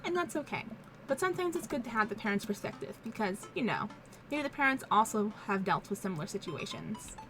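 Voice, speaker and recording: A woman's voice: medium pitch, animated, a little fast, a bit bright, faint music behind. A woman voicing an awkward, well-meaning dad who speaks earnestly and cracks jokes.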